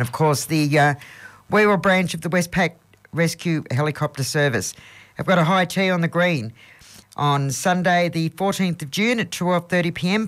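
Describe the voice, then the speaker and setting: An Australian man hosting community radio, reading out local listings in a chatty way with plenty of ums, his voice croaky and hoarse. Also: fairly high pitch, a bit bright. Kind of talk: casual radio announcing. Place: radio studio.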